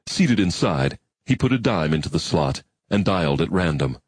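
A man narrating an audiobook in a measured, reflective way. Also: deep voice, big pitch swings, husky, dry recording.

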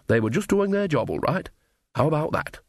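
A cheerful, earthy old witch woman, coarse and jolly, her lines lifted high and lively, as a male reader puts her on. The recording is close and dry. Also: a little fast, no room sound.

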